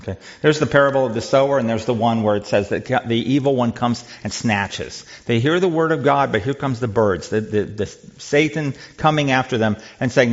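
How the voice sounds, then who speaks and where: A man's voice: mid-range voice, brisk, few pauses, dull audio. Man teaching a church Bible study. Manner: conversational, asks the group questions, repeats words.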